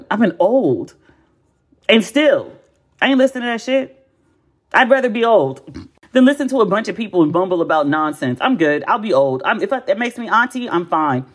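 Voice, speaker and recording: An American woman in her forties hosts a podcast and chats casually in a blunt, animated way, with lots of profanity and emphatic repetition. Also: on the low side. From United States. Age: 40s. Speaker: podcast host. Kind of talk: casual chat.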